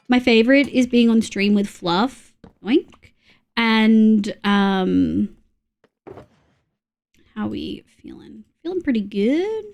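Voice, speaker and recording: A woman's voice: fairly high pitch, animated, slow pace, vocal fry, pauses often. Chatty, foul-mouthed young woman streamer. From Australia. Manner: chatty, swears often, reacts loudly to jump scares. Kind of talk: casual gaming livestream chat.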